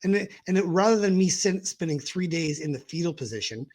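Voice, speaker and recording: Animated, fairly high-voiced male podcast host. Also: brisk. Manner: animated, acts out his inner dialogue in quoted voices. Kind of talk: candid conversation about personal mental health.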